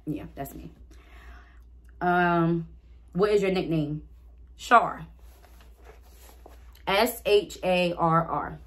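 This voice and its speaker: A woman's voice: lowish voice, very slow, pauses often. A young woman vlogger casually answering get-to-know-me questions, chatting straight to her viewers. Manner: reads out each question, then answers it.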